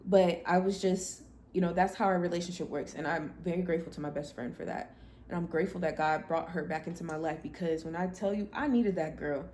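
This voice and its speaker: A young adult woman hosting a podcast, telling a personal story in a candid, blunt and expressive way. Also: on the low side, a little fast, slight background noise. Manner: blunt, expressive, animated when quoting herself. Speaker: podcast host.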